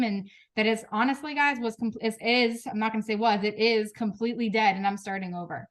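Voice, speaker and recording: A woman in her thirties speaking frankly and emotionally to her team on a group video call, with quick restarts and laughs. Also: fairly high pitch, fairly even intonation. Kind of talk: candid motivational talk.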